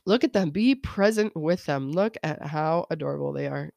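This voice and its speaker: A woman's voice: low-pitched, animated, moderate pace, gravelly, hardly any pauses, darkish tone, no room sound, clean studio sound. A woman in her thirties hosting a casual solo podcast about parenting, chatty, laughing often and quoting her kids. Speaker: podcast host.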